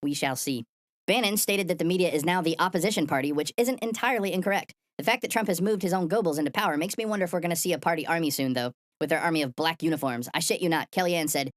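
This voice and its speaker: Fast-talking sardonic woman hosting satire. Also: lowish voice, dry recording, studio quality. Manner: sardonic, profane and deadpan. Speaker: host. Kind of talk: satirical news commentary.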